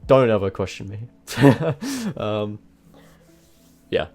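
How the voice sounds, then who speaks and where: Low-voiced man giving casual game commentary. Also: huge pitch swings, a little mellow. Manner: casual and rambling, swears often, quick restarts. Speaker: gaming video creator. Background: faint background music.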